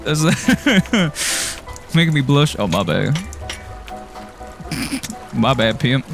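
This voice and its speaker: A gravelly, mid-range male voice with a sing-song lilt talks extremely slowly over background music. He's from Ireland and streams a game, rambling and joking with viewers, laughing often and ribbing himself along the way.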